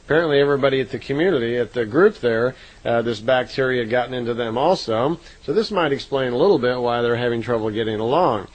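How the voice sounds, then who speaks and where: On a low-quality recording, a fast-talking man with a mid-range voice narrates contact reports in a casual, off-the-cuff retelling. He chats along with plenty of fillers and keeps correcting himself.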